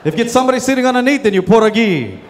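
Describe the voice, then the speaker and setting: A man's voice: very high voice, expressive, racing, slight background noise. A man emceeing a live comedy show, pumping up the crowd between jokes. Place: hotel showroom stage. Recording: reverberant hall with crowd.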